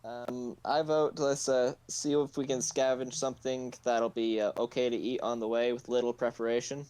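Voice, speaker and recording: A man playing a tabletop game at an ordinary middle pitch. He suggests plans in character, often stumbling and restarting before he gets going. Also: flat delivery, moderate pace, a little mellow, clear, resonant tone. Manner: hesitant, stumbling starts. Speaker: player.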